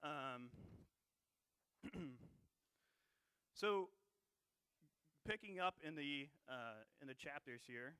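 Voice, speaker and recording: A man preaching a sermon in church in a conversational way, full of fillers and quick "right?" checks, with a dry throat he keeps clearing. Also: on the high side, expressive, sharp tone, dry recording. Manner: conversational, many fillers and tag questions.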